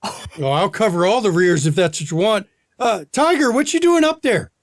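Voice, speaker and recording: Brief: man voicing a brash swaggering vampire, high-ish voice, crude flirt, tabletop NPC. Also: normal speed. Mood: cocky. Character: swaggering cocky male vampire, bow-legged, crude flirt. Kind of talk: tabletop role-play voicing.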